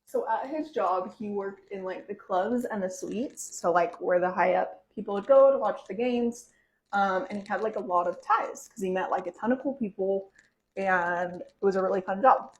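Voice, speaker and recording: A woman in her twenties casually telling a personal story to camera, chatty and full of "like" fillers, getting animated as she goes. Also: mid-range voice, normal speed, poor audio. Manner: chatty, heavy use of "like" fillers, animated swings when excited.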